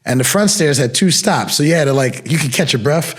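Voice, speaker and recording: Animated and a little fast, with a slightly high voice, this former bouncer recounts his security-job stories on the podcast he co-hosts. He's young, slangy and easygoing, and his casual storytelling keeps breaking into laughter.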